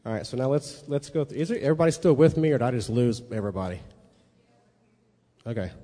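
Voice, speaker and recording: A man's voice: medium pitch, animated, quick pace, warm tone. A man teaching a sermon in a conversational way, often checking in with his listeners. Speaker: preacher. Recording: long reverb of a hall.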